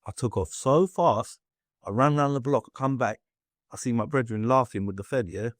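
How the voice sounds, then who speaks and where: A man's voice: medium pitch, normal speed, dry recording, clean studio sound. A young man from England, telling his life story bluntly in a casual interview, swearing and acting out what people said. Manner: blunt, swearing, acts out voices in quotes, many fillers.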